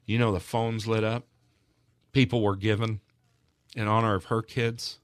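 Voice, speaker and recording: A man's voice: lowish voice, little pitch movement, unhurried, no room sound. A man recounting a moving story in a radio studio interview, earnest and emotional, his voice rising at key moments. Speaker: charity representative.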